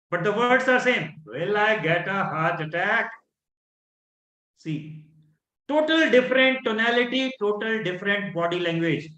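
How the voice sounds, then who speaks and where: Indian English male coach, higher pitch, repeats and demonstrates, roomy sound. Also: bright, forceful tone. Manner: instructive, repeats key phrases, acts out fearful tones. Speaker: workshop coach. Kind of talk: online workshop teaching.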